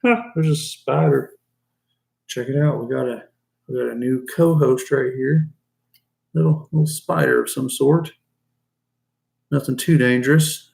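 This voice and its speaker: This man keeps reptiles and chats casually with his live-stream viewers and his snakes while he works. His voice is medium-pitched, gravelly, and somewhat dark in tone.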